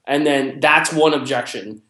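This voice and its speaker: A man's voice: mid-range voice, a little slow. Man telling sales stories in a roomy echo. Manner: animated, acts out quoted customers in raised voice. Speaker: guest sharing sales experience. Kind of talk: conversational storytelling.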